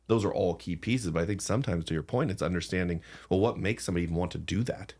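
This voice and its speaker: A man's voice: low voice, fast, a little mellow, husky. A man hosting a podcast who asks questions and affirms his guest often. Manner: affirming interviewer, frequent backchannels. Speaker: podcast host. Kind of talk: casual podcast conversation.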